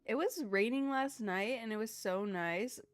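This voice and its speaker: A woman's voice: on the high side, measured pace, clean tone, no room sound, faint music behind. A woman chatting casually with her viewers on a live stream, rambling from one thing to the next.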